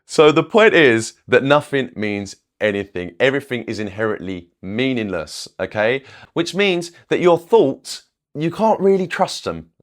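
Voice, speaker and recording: A man's voice: medium pitch, big pitch swings, a little slow. A man, a manifestation coach, teaching in a casual, rambling way, often checking in with "okay?" and swearing now and then. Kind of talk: casual spiritual teaching to camera.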